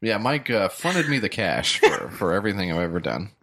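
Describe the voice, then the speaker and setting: A man's voice: lowish voice, sing-song, brisk, pushed and bright, a little hiss or hum. A man co-hosting a casual comedy podcast, riffing crude joke ideas with a friend. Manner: crude, joking riffs. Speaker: podcast co-host.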